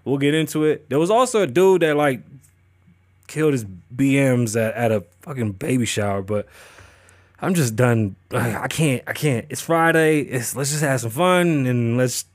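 A male podcast host telling a story in a casual monologue, animated and profane, acting out the dialogue himself. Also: mid-range voice, normal speed, no room sound.

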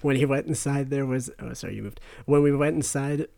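A man's voice: medium pitch, a little fast, vocal fry, dark tone, dry recording, clean studio sound. A man reading a silly story aloud over a video call, chuckling and stumbling over words.

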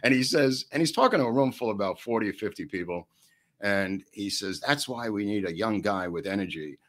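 Deep-voiced older New storyteller. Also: male voice, expressive, brisk, a bit bright. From New York. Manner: rambling anecdotes, laughing often, pitch jumping up when acting out quotes. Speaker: podcast co-host. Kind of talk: storytelling in casual chat.

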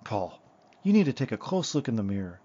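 A man voicing an impatient, sharp-tongued wife. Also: medium pitch, very animated, fairly quick, slightly rough, highs cut off. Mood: exasperated. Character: exasperated middle-aged wife, sharp-tongued.

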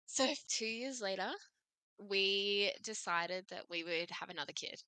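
A woman's voice: medium pitch, normal speed, sharp tone, no room sound. A young woman in her twenties, a podcast guest telling her story in a chatty way, full of "like" and quoted asides. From Australia. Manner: chatty, frequent "like" and "I was like" quotes. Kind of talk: casual storytelling.

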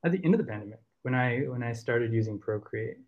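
A man's voice: medium pitch, lively intonation, quick pace, muffled recording. Southern guy chatting on a podcast, lots of ums and restarts, rambles along. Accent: Southern American. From American South. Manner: rambling, full of fillers and restarts. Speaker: podcast guest, artist. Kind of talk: casual podcast chat.

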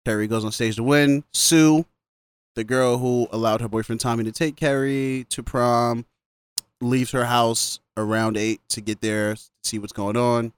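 A man's voice: medium pitch, fairly even intonation, a little slow, clean tone, no echo. A man casually recapping a film on a podcast, laughing often and quoting the characters as he goes. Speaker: podcast co-host. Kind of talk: casual movie recap chat.

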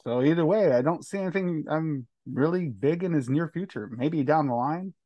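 Guy on a podcast cracking jokes, kinda higher voice, no room echo. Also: moderate pace, dark tone, highs cut off. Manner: loose, joking, trash-talking. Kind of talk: casual podcast banter.

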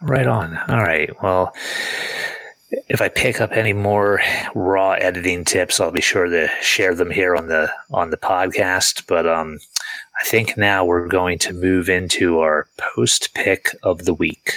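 A man hosting a podcast in an easygoing, self-deprecating chat, his voice a bit hoarse. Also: deep voice, steady tone, measured pace, bright, forceful tone, no room sound, low-quality recording. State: voice going hoarse. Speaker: podcast host. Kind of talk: casual chat.

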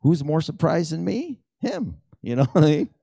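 A middle-aged man telling prayer stories in a lively, animated way, acting out the dialogue. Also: a little fast, vocal fry, dry recording, clean studio sound. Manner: animated storyteller who acts out dialogue with big pitch jumps. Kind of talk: storytelling testimony talk.

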